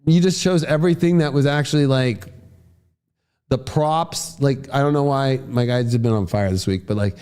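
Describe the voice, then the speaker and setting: A man giving a horoscope forecast as an astrologer, casual and profane, acting out voices he quotes and bursting into shouts. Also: mid-range voice, normal speed, smooth.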